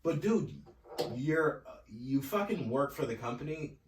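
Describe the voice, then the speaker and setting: A man's voice: on the high side, lively intonation, unhurried, recorded from a distance. A man talking bluntly and profanely in a casual podcast chat, his voice in a mid range. He sits away from the mic in an echoing room, with a faint noise floor. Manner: blunt, profane, says "bro" and "dude". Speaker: podcast co-host.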